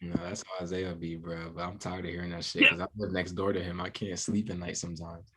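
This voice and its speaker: A young man chatting as a podcast guest musician, laid-back and slangy, telling drawn-out stories. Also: sits low, little pitch movement, bright, forceful tone, husky. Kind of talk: casual podcast chat.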